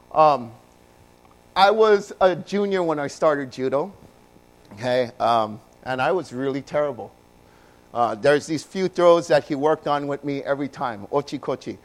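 Man preaching through a personal story, slightly high voice, animated and dynamic. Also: rough recording. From Hawaii. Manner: animated, swings from loud bursts to hushed low passages.

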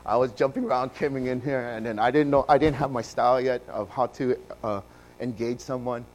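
A man from Hawaii, telling his own story in a sermon and swinging between loud bursts and hushed passages. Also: medium pitch, steady tone, fairly quick, slight background noise, rough recording.

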